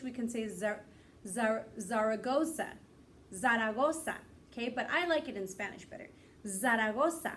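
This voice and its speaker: A woman with a fairly high voice leads a phonics lesson for small children, sounding words out slowly and cheering them on. She is a little off-mic, with faint room noise behind her. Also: far from the mic. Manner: slow, clear, encouraging teacher talk. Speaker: teacher.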